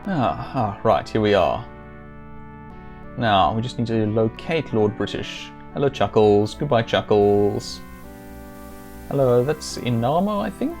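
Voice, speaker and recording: Gravelly dude streaming a game, rambly and jokey, faint music underneath. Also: male voice, mid-range voice, big pitch swings, unhurried. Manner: rambling, dry self-amused jokes. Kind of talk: casual let's-play commentary.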